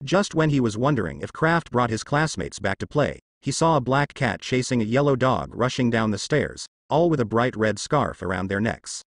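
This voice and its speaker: A man reading a translated novel aloud as a narrator, in an even, scripted manner. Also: medium pitch, normal speed, few pauses, no echo, clean studio sound.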